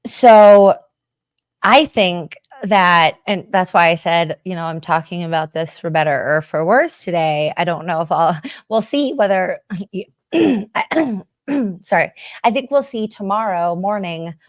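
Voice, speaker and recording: A woman's voice: fairly low pitch, animated, slow pace, no room sound, clean studio sound. An American woman hosting a podcast, talking candidly and chattily to viewers, swearing casually as she goes. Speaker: podcast host. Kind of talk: candid livestream chat with viewers.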